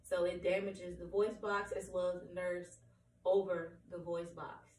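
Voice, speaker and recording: A woman with a hoarse, cracking voice giving a candid personal update at home, rambling and apologetic with many ums. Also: fairly low pitch, level tone, measured pace, darkish tone. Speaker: vlogger. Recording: roomy, distant from the mic, faint room ambience.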